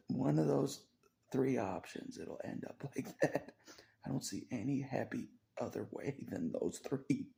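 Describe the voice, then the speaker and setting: An exhausted man rambling in a half-whispered voice. He repeats himself and chuckles softly between phrases. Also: medium pitch, creaky. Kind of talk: rambling spoken confession.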